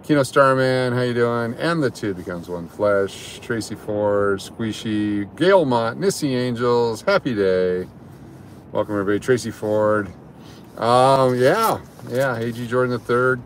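A man's voice: medium pitch, unhurried, a little hiss or hum. A man livestreaming from his parked car in a parking garage, chatting casually and greeting viewers by name between rambling remarks. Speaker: livestream host. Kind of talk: casual live chat with viewers.

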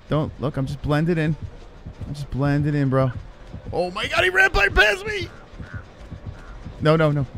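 A man giving live commentary on his own gameplay, swearing and reacting in excitable panic. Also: mid-range voice. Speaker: streamer.

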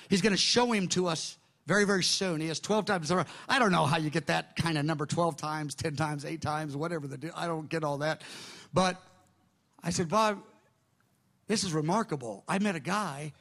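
A man's voice: fairly high pitch, brisk, fairly bright tone. A middle-aged male pastor telling a story in a sermon, acting out the voices of the people he quotes.

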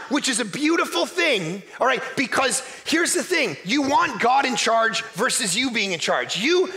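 A guest pastor from Canada preaching a sermon in a church, energetic and emphatic, joking with the congregation. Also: male voice, very high voice, vocal fry.

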